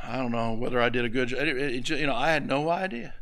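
Folksy preacher, bright tone. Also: male voice, medium pitch, fast, rough recording. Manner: folksy storytelling with asides. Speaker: pastor. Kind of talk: sermon.

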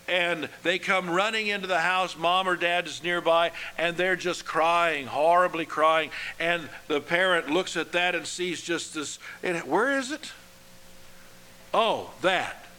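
A man preaching a sermon in a slow, earnest way, letting his phrases drop softly at the ends. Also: a little high, poor audio.

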